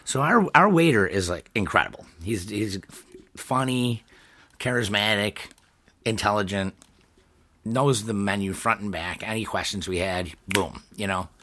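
A man's voice: lowish voice, measured pace, bright, forceful tone. A young man from the Niagara Falls area telling a dinner story in casual podcast chat, laughing often and acting out quotes. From Niagara Falls area, New York. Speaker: podcast co-host.

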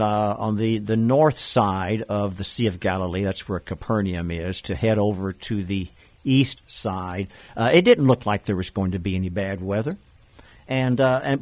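A man preaching a sermon, animated, chuckling and putting on voices for the figures in the story. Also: on the low side, dry recording.

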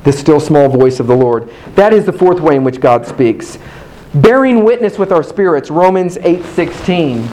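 A male preacher delivers a sermon in a hotel meeting room, his voice sitting a touch high for a man. He drives his points home with rhythmic, repeated phrases and pauses for the congregation to answer back. A faint hiss of noise hangs behind him. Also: sing-song, dark tone, rough recording. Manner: rhythmic repetition with call-and-response.

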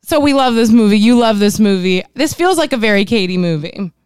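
A woman's voice: mid-range voice, lively intonation, brisk, darkish tone, clean tone, no room sound. A woman co-hosting a podcast in casual chat, bubbly and teasing, laughing often. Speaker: podcast co-host.

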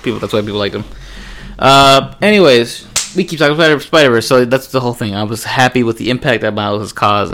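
A man's voice: mid-range voice, a bit bright. A young man hosting a casual podcast, cursing freely, laughing as he tells stories, and slipping into voices when quoting friends. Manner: swears freely and laughs while retelling pranks. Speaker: podcast host.

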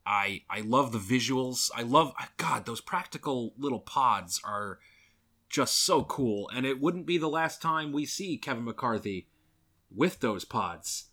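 A man's voice: mid-range voice, animated, unhurried, pushed and bright. A man co-hosting a movie podcast, chatting casually and gushing enthusiastically about films. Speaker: podcast co-host.

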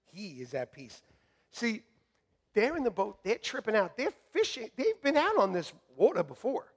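A middle-aged man preaches in a church with a high, lively voice that climbs and dips all over. He is jokey and animated, bursting into shouts and then dropping to a hush. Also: vocal fry. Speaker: pastor. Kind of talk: sermon. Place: church sanctuary.

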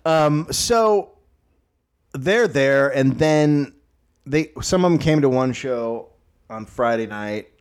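A man's voice: mid-range voice, expressive, slow pace, clear, resonant tone. A middle-aged man co-hosting a casual comedy podcast, telling stories with acted-out quotes and plenty of swearing. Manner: storytelling, acts out quotes, swears. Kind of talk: casual chat.

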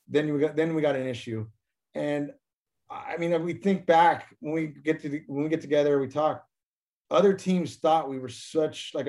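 A man's voice: on the high side, darkish tone. A man, a former hockey player, telling stories as a guest in a casual interview, often repeating and restarting his words.

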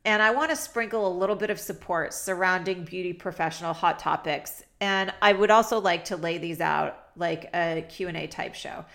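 A woman with a cold-stuffed, nasal voice hosts her podcast solo. She chats in an upbeat, promotional way, and her pitch sits on the lower side for a woman. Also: moderate pace, creaky, few pauses, fairly bright tone. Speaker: podcast host. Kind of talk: casual solo podcast talk.

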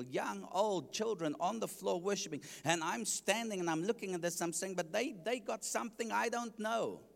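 A man's voice: sits high, vocal fry. A man preaching his testimony, telling the story animatedly and acting out his own past reactions. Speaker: evangelist. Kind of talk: sermon testimony. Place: church. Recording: long church reverb.

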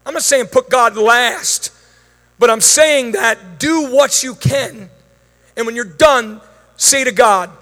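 High-voiced fervent preacher in a hall. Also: male voice, measured pace, a bit bright. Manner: fervent, commanding in prayer, chatty asides. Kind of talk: sermon with prayer and Q&A. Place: church hall before a congregation. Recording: long reverb of a large hall.

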